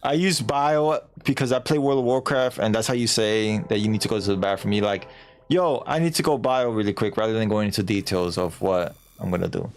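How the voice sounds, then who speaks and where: A man with a lowish voice talks fairly quickly during a casual let's-play stream. He makes fun of himself and every so often switches into silly fake voices.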